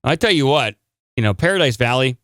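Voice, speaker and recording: A man's voice: medium pitch, animated, fairly quick, fairly bright tone, no room sound, clean studio sound. A man co-hosting a podcast, casually chatting and joking while reacting to a news clip. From lived in Arizona. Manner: joking, incredulous. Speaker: podcast co-host.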